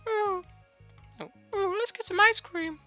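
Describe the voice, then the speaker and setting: Man putting on a bubbly teen girl, high falsetto, eager, stammery, dull recording. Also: measured pace, sharp tone, no echo, faint music behind, heavily acted.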